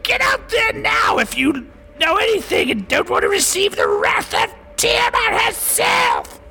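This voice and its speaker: A man putting on a shrill, bossy cultist officer. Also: wildly swooping pitch, unhurried, vocal fry, exaggerated voice. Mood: commanding. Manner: shouting, imperious put-on accent. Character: haughty male cultist officer barking orders.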